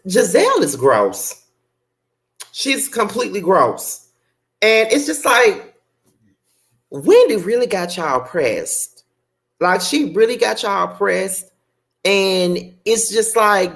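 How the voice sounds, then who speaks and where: A woman giving a blunt, sassy live recap, swearing freely and breaking into sharp outbursts. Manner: rants with sudden high-pitched outbursts. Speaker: live-stream show reviewer. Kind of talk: unscripted live recap commentary.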